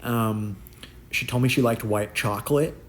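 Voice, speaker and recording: Speaking a little slowly in a mid-range voice, with a little hiss or hum present, a young content creator shares wild personal stories. His monologue is casual, slangy and animated, with quotes acted out in shifting voices.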